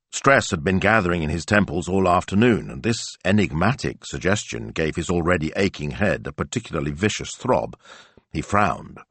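Man, audiobook narration, deep voice, lively intonation, measured telling. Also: slightly rough, no echo. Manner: measured storytelling. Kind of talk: scripted narration.

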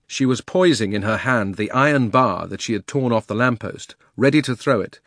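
A man narrating a children's fantasy audiobook in a measured, expressive storytelling manner. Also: on the low side, no echo, clean studio sound. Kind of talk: audiobook reading.

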